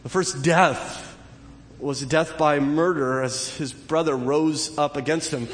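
A pastor preaching a sermon. He builds to emphatic, animated peaks and then drops back low. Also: measured pace. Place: church sanctuary. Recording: long hall reverb, faint noise.

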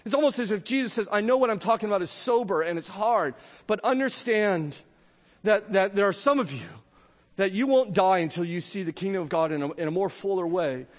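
A pastor in his thirties preaches with an earnest, animated delivery and a notably high voice. His words carry a long reverberant tail from the church sanctuary. He often restarts phrases as he presses his points. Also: brisk. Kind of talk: sermon.

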